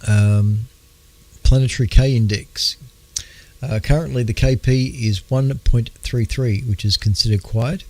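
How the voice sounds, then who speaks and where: An Australian man hosting an astronomy radio show, talking in a halting, casual way with many fillers, clearing his throat as his voice wears out. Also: medium pitch, fairly even intonation, a little mellow. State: losing his voice. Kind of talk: casual astronomy news talk.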